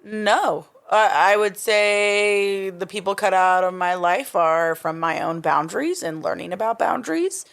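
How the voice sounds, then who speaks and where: A woman's voice: medium pitch, unhurried, creaky, hardly any pauses, a bit bright. A woman in her thirties talking casually as a podcast guest, hesitant and searching for words with many restarts. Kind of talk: casual recovery-group conversation.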